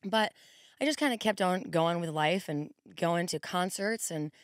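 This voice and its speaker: A hoarse woman in her forties hosting a podcast, chatting casually and rambling with quick asides. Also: lowish voice, no room sound, studio quality. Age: 40s. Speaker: podcast host. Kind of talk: casual monologue.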